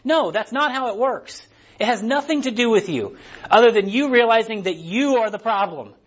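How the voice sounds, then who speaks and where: Casual preacher, male, high-pitched, chatty retellings that build to forceful emphasis; muffled lo-fi audio. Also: animated, moderate pace. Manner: conversational, acts out characters, builds to emphatic peaks. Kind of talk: casual sermon with Bible reading. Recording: dull lo-fi sound.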